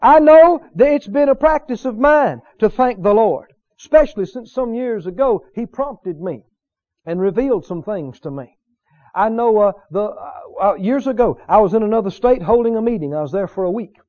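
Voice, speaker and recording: A man from Mississippi, preaching a sermon in a fervent, repetitive way that climbs into shouts of praise. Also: high voice, lively intonation, moderate pace, lo-fi sound, a faint crowd.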